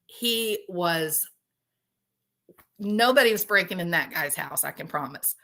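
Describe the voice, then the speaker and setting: A woman hosting a casual chat with her viewers, telling animated stories and laughing often. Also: on the low side, measured pace, gravelly. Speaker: host.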